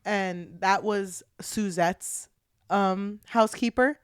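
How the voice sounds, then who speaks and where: A woman's voice: mid-range voice, fairly even intonation, slow pace, smooth, no room sound, clean studio sound. A woman co-hosting a book podcast in casual chat, swearing freely and retelling scenes with quoted lines. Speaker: podcast co-host.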